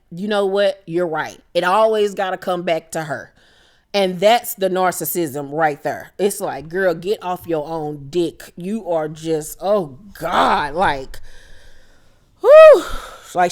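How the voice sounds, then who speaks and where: A woman's voice: fairly low pitch, lively intonation, unhurried. A woman doing a casual, profane reality TV recap, blunt and sassy, who laughs and mimics the cast.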